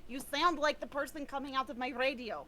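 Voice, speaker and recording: A woman's voice: sits high, brisk, a crowd in the background, close to an everyday voice. A woman voicing a greedy female adventurer who hoards metal and insists nothing about her has changed. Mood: defensive.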